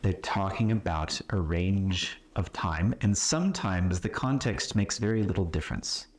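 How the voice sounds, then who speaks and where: Deep-voiced man teaching English, patient. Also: a little mellow. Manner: patient, explains with example questions, checks in with "right?". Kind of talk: conversational classroom explanation. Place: classroom or retreat room.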